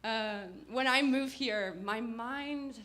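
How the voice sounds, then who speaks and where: Unhurried woman telling a wry personal story. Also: a little high, a crowd in the background. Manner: wry, halting, reflective. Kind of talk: live personal storytelling performance. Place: live performance before an audience.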